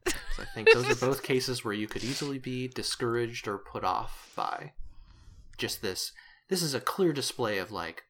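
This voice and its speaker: A man's voice: medium pitch, expressive, moderate pace, fairly bright tone. A man narrating a tabletop game as game master, rambling and correcting himself as he describes scenes.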